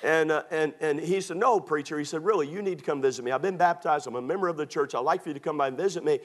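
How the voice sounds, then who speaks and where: Preacher, man, folksy and funny, slightly high voice, acts out both sides of a conversation. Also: fast. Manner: folksy, humorous, acts out dialogue. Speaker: pastor. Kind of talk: storytelling sermon.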